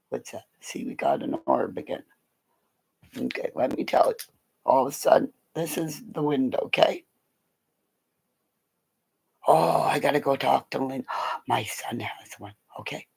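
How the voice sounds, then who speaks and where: A middle-aged woman's rumbling low, creaky, slightly rough voice moves at a measured pace with frequent pauses. Chatting on a livestream, she tells wandering animal stories, excitedly laughing, cursing and switching tales, all on a low-quality recording.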